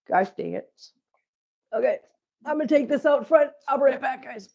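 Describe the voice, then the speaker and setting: A woman's voice: sits high, vocal fry, phone-quality sound. A woman hosting a casual livestream, short of breath from chest congestion, chatting and reading out viewer comments. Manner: chatty, teasing, laughs often, reads out viewer comments. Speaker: cat channel livestream host. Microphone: close mic, breathing audible.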